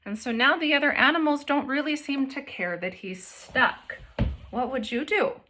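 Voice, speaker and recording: A young adult woman teacher reading a picture book aloud to children, gentle and encouraging, often pausing to ask them questions. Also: sits high.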